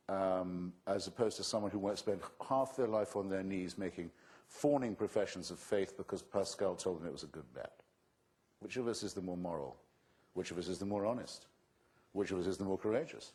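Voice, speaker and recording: Husky, sardonic male debater. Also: low voice, a little fast. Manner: sardonic, witty, forceful. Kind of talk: public debate answer. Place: auditorium.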